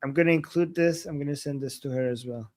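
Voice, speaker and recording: A man co-hosts a live stream in a loose, rambling way and keeps restarting his thoughts. His voice sits a bit high. It is recorded close and dry, with no room sound. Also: fast, a little mellow, no echo. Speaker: co-host of a live analysis stream. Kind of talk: casual live-stream chat.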